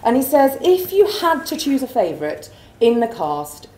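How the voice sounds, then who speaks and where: A woman's voice: high-pitched, big pitch swings, moderate pace, very noisy. A woman hosting a live interview and reading out viewer questions in a bubbly, upbeat, enthusiastic way. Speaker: host. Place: office event space. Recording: echoey room.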